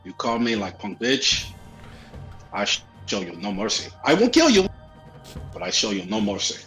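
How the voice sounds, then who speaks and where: A man's voice: lowish voice, fairly even intonation, normal speed, bright, forceful tone, faint music behind. A man playing a proud, vengeful karate master. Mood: defiant. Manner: clipped broken-English lines. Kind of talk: playing a character in a tabletop game.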